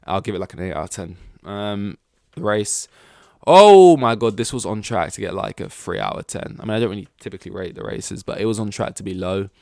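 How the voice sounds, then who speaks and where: A man's voice: low voice, steady tone, quick pace, gravelly, no room sound, studio quality. A man hosting a podcast in casual chat, rambling with lots of fillers and swearing. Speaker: podcast host.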